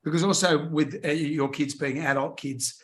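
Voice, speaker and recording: A man's voice: fairly high pitch, fairly even intonation, moderate pace, fairly bright tone. A middle-aged man, a radio presenter interviewing a guest in a friendly casual chat, laughing often.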